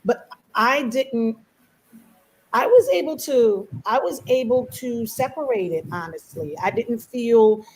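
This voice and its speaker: Woman panelist, Belizean-American, chatty and animated, lots of fillers. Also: on the high side, slow, a little hiss or hum, low-quality recording. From United States, Belizean family. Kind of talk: casual panel discussion.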